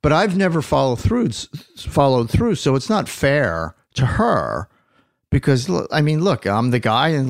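Animated man with a lively, dry voice. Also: mid-range voice, moderate pace, creaky, no echo. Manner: animated, emphatic, restarts words. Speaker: podcast co-host discussing the episode. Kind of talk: casual chat.

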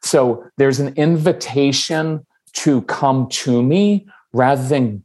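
A man, a guest on a parenting podcast, calmly explaining his advice with short everyday examples. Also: medium pitch, slow pace. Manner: calm, steady, gives examples with acted quotes. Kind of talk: casual podcast interview.

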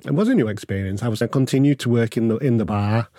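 A man's voice: mid-range voice, fast talker, warm tone, dry recording, studio quality. A young man telling his own story candidly in a podcast interview, acting out the voices of the people in it. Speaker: guest.

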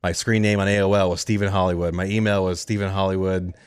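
A man's voice: low voice, clear, resonant tone, no echo, studio quality. A man telling his career story as a guest in a casual interview, acting out quoted conversations. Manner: fast, animated storytelling with quoted dialogue. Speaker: guest, radio producer.

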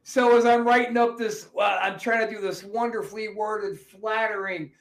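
High-voiced cursing podcast host in echoey room. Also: male voice, moderate pace. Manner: profane, animated storyteller. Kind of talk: casual podcast chat.

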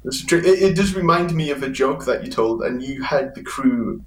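A man's voice: medium pitch, expressive, moderate pace. A man from the United Kingdom with a British accent, hosting a casual YouTube interview in a chatty, self-deprecating way. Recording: roomy echo.

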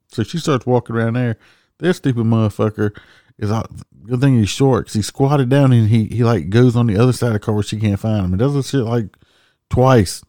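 A man's voice: fairly low pitch, mellow, no echo, clean studio sound. A man, a traffic police officer telling stories in a blunt, profane, ranting way. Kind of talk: casual storytelling monologue.

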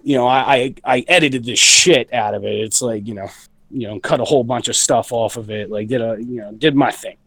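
Recorded roughly and with no echo in a recording studio, this medium-pitched, slightly bright male voice moves fairly quickly. He's a band member guesting on a casual interview, still getting over the flu and short of breath, and he rambles along with lots of fillers and swearing.

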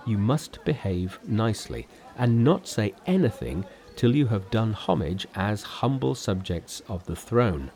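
A man's voice: fairly low pitch, animated, unhurried, hardly any pauses, a little mellow. A man voicing an earnest, proper male pilgrim monk in an audiobook.

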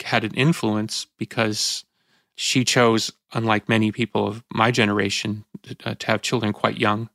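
A man in his fifties speaks as a podcast host, reflective and halting. His voice is gravelly and recorded close and dry, and he often breaks off and restarts as emotion catches him. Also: on the low side, a bit bright, dry recording. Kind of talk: reflective conversational talk.

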